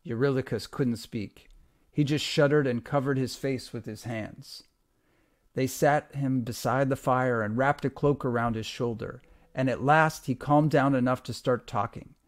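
A man, a teacher, reading a retold myth aloud to a class in an expressive, steady storytelling voice. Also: mid-range voice, measured pace, no echo, studio quality.

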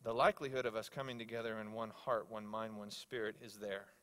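A male pastor preaching a sermon, telling stories with animated swings between loud exclamations and hushed asides. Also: on the low side, fairly quick. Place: church sanctuary.

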